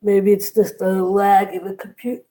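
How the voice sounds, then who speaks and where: A woman's voice: mid-range voice, steady tone, slow pace, mellow, rough recording. A tired woman chatting casually with her live-stream viewers from her workplace, yawning and thanking them one by one.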